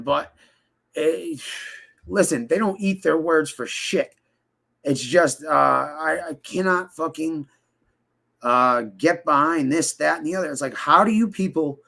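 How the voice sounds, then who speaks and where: Gravelly profane man ranting. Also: on the high side, a bit bright. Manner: profane, rambling, heated, many fillers and restarts; mimics others in quoted voices. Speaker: interviewee. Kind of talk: casual ranting interview.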